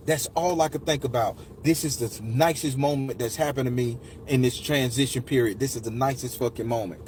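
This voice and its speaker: A man's voice: mid-range voice, normal speed, darkish tone, a little hiss or hum. A man in his forties telling a personal story in a raw, profane, emotional way, talking straight to listeners. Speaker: podcast storyteller. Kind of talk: casual storytelling.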